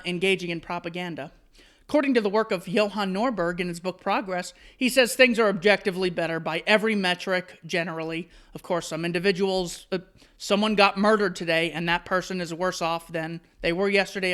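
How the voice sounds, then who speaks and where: A man's voice: sits high, a bit bright, smooth. A man hosting solo commentary, reading out an article and answering it with sarcastic, mocking asides. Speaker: commentary host.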